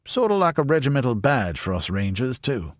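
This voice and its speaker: A man voicing a big, burly, older ranger, gruff and teasing. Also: medium pitch, big pitch swings, brisk, dry recording, studio quality, pitched above the performer's own voice, close to an everyday voice.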